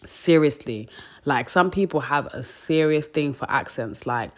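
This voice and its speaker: A young woman with a notably low voice chats on her podcast. Her talk is frank and loose, full of slang and filler words. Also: expressive, unhurried. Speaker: podcast host. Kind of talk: casual chat.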